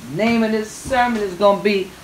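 Speaking fairly quickly at a medium pitch, this woman cooks on camera with a playful touch. She draws out her "oh yeah"s and refers to viewers as babies while chatting through the demo in a noisy home kitchen.

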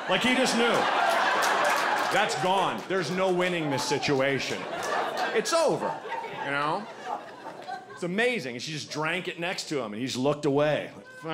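A man doing a stand-up comedy set before a live audience, telling a story in an animated way and acting out the people in it. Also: a little high, normal speed, noisy background.

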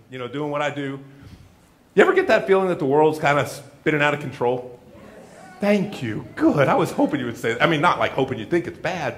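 A man preaching a sermon in a church, telling a folksy joke story and acting out the voices of its characters. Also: a little high. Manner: animated storytelling with acted-out voices; jokey, folksy. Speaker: pastor.

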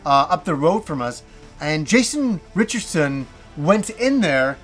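High-voiced man telling a story, music behind. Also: measured pace. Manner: animated, swearing, self-mocking. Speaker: gaming channel host. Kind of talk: casual storytelling monologue.

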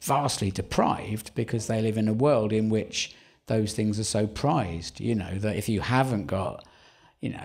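A man in his fifties with a Surrey home counties accent talks in a fairly low voice. He tells wry, rambling stories on a theatre stage, breaking off and restarting his sentences as he goes. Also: gravelly, a little mellow, breathy edge. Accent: English, Surrey home counties. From England. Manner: rambling, self-interrupting, wry. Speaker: stand-up comedian, guest. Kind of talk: live podcast interview, anecdotal storytelling. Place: theatre stage before a live audience.

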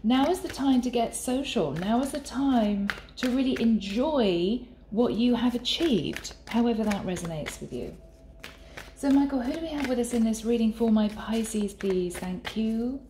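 A woman giving a channeled tarot reading in an earnest, soft and sometimes emotional way. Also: a little high, expressive, measured pace, a little hiss or hum. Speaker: tarot reader. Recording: echoey room with faint ambience.

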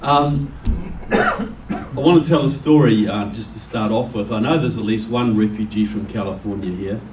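A man's voice: lowish voice, normal speed, darkish tone, a little hiss or hum. Kiwi guy giving a talk to a crowd, chatty storyteller, sounds far from the mic in a roomy space. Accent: New Zealand. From New Zealand. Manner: conversational storyteller, jokes with the crowd. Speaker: guest speaker. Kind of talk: public speech to a live audience. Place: meeting room with an audience. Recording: echoey room, distant mic.

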